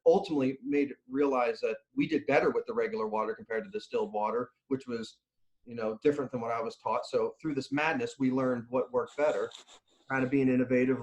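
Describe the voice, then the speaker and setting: A man's voice: mid-range voice, dull audio. A middle-aged man, a nutrition and strength coach, telling stories in a casual interview, laughing and restarting often. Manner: animated, laughing storyteller with many restarts.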